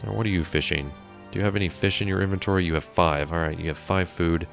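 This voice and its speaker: Deep gravelly man narrating his gameplay. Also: fairly even intonation, fast talker, fairly bright tone, faint music behind. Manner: muttering to himself, exasperated at game characters. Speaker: gameplay commentator. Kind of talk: casual let's-play commentary. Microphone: desk mic on a stand.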